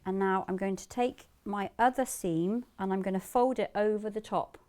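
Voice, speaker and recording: A woman's voice: mid-range voice, moderate pace, warm tone. A woman demonstrating sewing live in a TV studio, explaining each step in a chatty way and laughing easily. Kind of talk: live shopping-TV sewing demo.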